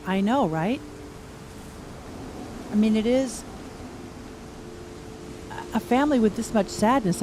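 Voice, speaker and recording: A woman's voice: mid-range voice, noisy background. A middle-aged woman giving casual gameplay commentary, chatty and thinking aloud with wry asides. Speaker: gaming streamer.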